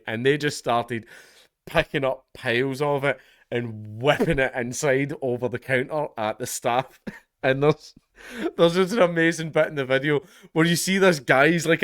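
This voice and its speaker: A man's voice: medium pitch, a bit bright, smooth, dry recording, studio quality. A Scottish man giving casual vlog commentary in a sardonic tone, laughing often as he talks. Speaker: political commentator.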